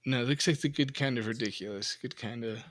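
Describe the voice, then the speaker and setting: A man's voice: medium pitch, quick pace, fairly bright tone. A middle-aged man co-hosting a podcast, rambling and self-deprecating in casual chat. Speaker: podcast co-host.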